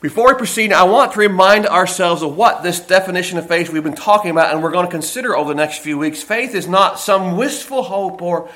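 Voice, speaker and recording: A man preaching a sermon, slowing down to stress key phrases and dropping in folksy personal stories. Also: high voice, fairly bright tone. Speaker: pastor.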